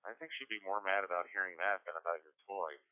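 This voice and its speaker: Deep-voiced man over tinny radio. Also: steady tone, fast talker. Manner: teasing, playful. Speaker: net control host. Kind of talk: casual radio net hosting.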